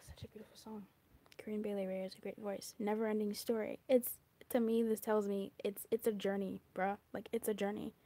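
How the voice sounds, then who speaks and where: A woman giving a casual, animated spoken card reading. She talks in a chatty way with swearing, drops into whispers, and acts out little asides. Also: mid-range voice, a little fast, few pauses. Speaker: tarot reader.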